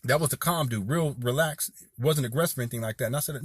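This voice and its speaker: A man's voice: mid-range voice, fast talker, husky, no room sound, clean studio sound. A man in his forties from Southern California giving heated, rambling commentary straight to his viewers, talking to them as "y'all". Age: 40s. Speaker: video commentator. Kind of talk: impassioned direct-to-camera commentary.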